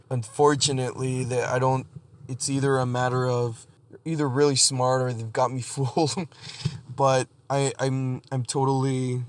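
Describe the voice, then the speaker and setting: A man hosting a solo podcast monologue, blunt and profane, halting and restarting as he talks. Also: medium pitch. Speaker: podcast host.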